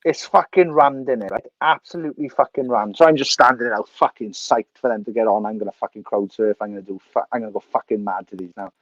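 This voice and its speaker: A Welsh man in his thirties telling an animated, sweary story as a podcast guest. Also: lowish voice, fast, hardly any pauses, no echo, highs cut off. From Wales. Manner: animated, sweary, laughs through anecdotes. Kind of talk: casual storytelling.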